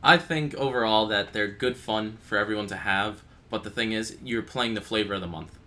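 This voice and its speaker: A man's voice: lowish voice, normal speed, bright, forceful tone. A man co-hosting a casual gaming podcast, telling a story in a laid-back way. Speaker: podcast co-host.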